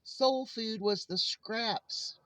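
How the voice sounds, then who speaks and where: A woman's voice: a little high, drawn-out words, a bit bright, no echo. A woman vlogger telling personal stories in a heartfelt, earnest way. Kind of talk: casual personal monologue. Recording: slightly muffled lo-fi recording.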